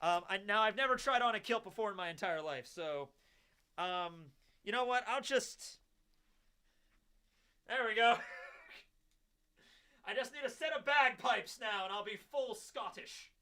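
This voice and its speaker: A young adult man hosting a live stream, chatting casually and excitably with frequent laughter. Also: sits high, unhurried, pauses often, clear, resonant tone, dry recording. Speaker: streamer host.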